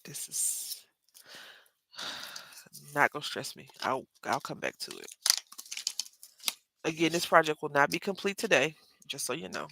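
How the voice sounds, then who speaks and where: A woman's voice: deep voice, expressive, unhurried, creaky, long pauses, sharp tone, slight background noise. A woman with a Southern Texas accent hosting a casual live craft tutorial, chatty and rambling, often addressing viewers as y'all. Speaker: craft livestream host.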